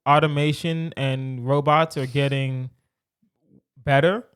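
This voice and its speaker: A man's voice: a little high, steady tone, takes it slowly, a bit bright, clear, resonant tone, no echo, studio quality. A man hosting a casual podcast chat, playful and teasing, laughing easily as he explains a question. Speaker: podcast host.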